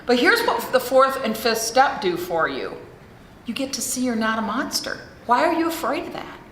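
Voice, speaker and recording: A woman's voice: on the high side, big pitch swings, moderate pace, a bit bright. Frank, profane American woman in an echoey hall. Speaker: recovery meeting speaker. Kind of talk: recovery share speech. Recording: echoey hall with faint room noise.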